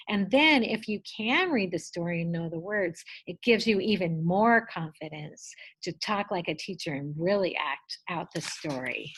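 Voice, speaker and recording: A woman teacher giving a gentle, encouraging lesson to young children and asking them questions. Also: fairly low pitch, slight background noise, low-quality recording.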